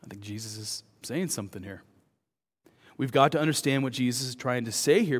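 Pastor preaching in an echoing hall. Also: male voice, on the high side. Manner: swings from loud urgent emphasis to soft hushed words. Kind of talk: sermon. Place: church. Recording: long hall reverb.

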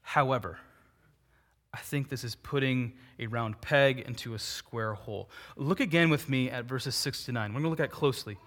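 Speaking at a normal speed in a medium pitch, this man is a pastor delivering a lively sermon. He asks rhetorical questions, answers them, and moves between booming emphasis and soft asides.

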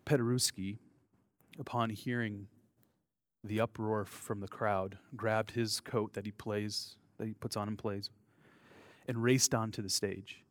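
A man's voice: fairly low pitch, flat delivery, unhurried, dry recording. A man preaching a sermon as a pastor, telling a story in a conversational way with candid personal asides.

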